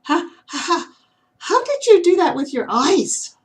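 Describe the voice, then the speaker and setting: A woman reading aloud and voicing a timid young male flying squirrel with a squeaky, excitable voice. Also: takes it slowly, distant mic. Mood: amazed. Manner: breathless, excited high exclamations.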